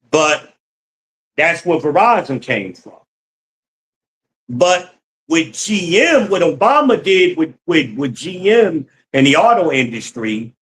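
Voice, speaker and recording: This is casual livestream commentary from a man reading chat aloud, swearing without restraint, laughing frequently and calling everyone "y'all." His voice sits a little high and a bit bright, and the audio quality is poor.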